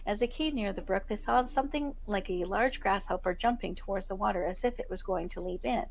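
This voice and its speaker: Gravelly-voiced woman reading a fairytale. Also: mid-range voice, fairly quick, hardly any pauses, slight background noise, low-quality recording. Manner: steady storybook narration with self-corrections. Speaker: podcast host.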